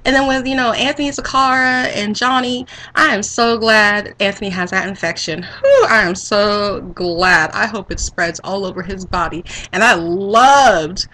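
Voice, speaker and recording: A woman vlogger delivering a casual rant to camera, sassy and animated, breaking into laughter often. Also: medium pitch, normal speed, few pauses, rough recording.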